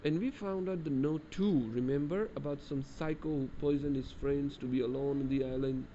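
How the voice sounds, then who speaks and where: A man reading a story game's text aloud in a plain, steady delivery. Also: mid-range voice, normal speed, dull audio, a little hiss or hum. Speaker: gamer reading a visual novel aloud.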